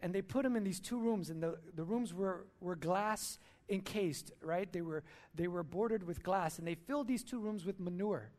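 A man's voice: sits high, normal speed, hardly any pauses, a little mellow. A male pastor preaching a sermon at a church service, emphatic, repeating key lines and asking rhetorical questions.

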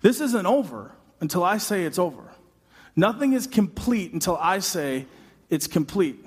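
A man voicing a forceful, commanding male teacher in a sermon retelling, insistent and impatient. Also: sits high, very animated, normal speed, slightly rough, exaggerated voice. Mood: firm. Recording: long hall reverb.

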